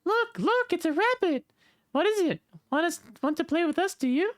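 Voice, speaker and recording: An excited little girl in a game, squeaking in a high falsetto. She is eager and bouncy, with lively swings in pitch. The sound is close and dry. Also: moderate pace, dry recording.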